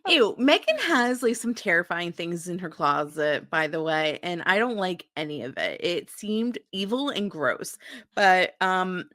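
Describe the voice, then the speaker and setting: A woman with a fairly low but bright, sharp-edged voice trades wry, opinionated remarks in a casual podcast chat. The close mic sounds dry and close, with no room around her. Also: big pitch swings, measured pace, dry recording. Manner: wry, opinionated commentary with frequent "ew" and "like". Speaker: podcast co-host. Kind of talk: casual chat recapping a TV episode.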